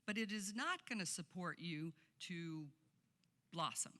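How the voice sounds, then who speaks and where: A woman's voice: lowish voice, lively intonation, a little slow, sharp tone. A woman giving a passionate conference keynote speech, emphatic and laughing often, recorded in a conference hall. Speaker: keynote speaker.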